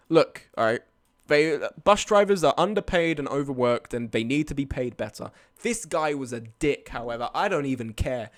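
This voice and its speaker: A young man telling a rambling story to his stream chat, swearing and laughing along the way. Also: mid-range voice. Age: young adult. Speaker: live streamer.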